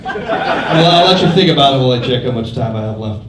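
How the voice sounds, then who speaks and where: Young man, stand-up comedian, deadpan, roomy club sound, distant mic, loud background noise. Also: mid-range voice, fairly quick, a loud crowd. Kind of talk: stand-up set. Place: comedy club stage, live audience.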